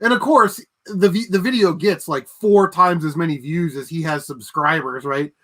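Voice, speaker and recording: A man's voice: a little high, moderate pace, fairly bright tone. A man hosting a casual livestream, chatting with viewers and ranting with plenty of swearing and laughter. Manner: ranting, profane, laughs at his own jokes. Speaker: livestream host.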